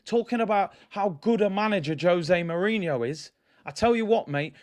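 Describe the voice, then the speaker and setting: A man hosts a football fan vlog. His voice sits a bit high, and he talks bluntly and passionately, hammering points home by repeating them. He keeps turning to his viewers and calling them "people.". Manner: addresses viewers directly as "people". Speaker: football fan channel host. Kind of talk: ranting fan reaction vlog.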